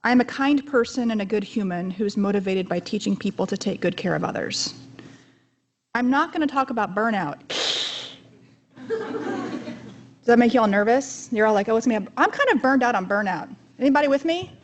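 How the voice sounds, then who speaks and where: A woman's voice: mid-range voice, lively intonation, a little fast, highs cut off, a little hiss or hum. A woman in her thirties giving a conference keynote talk in a chatty, joking, self-deprecating way. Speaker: keynote speaker.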